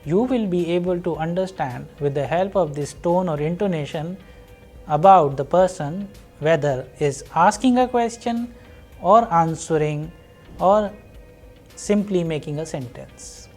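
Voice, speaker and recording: A woman teaching a recorded university lesson, explaining slowly and patiently and repeating each example. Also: on the low side, a little mellow, soft background music. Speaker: language teacher.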